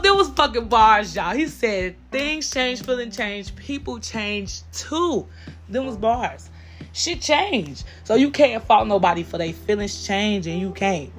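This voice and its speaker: A woman's voice: medium pitch, fairly bright tone. A woman hosts her own podcast, speaking bluntly and with a lot of swearing. She keeps checking in with her listeners and laughs often, and faint music plays behind her. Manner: blunt and profane, with frequent filler questions and laughs. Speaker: podcast host. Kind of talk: candid solo podcast talk.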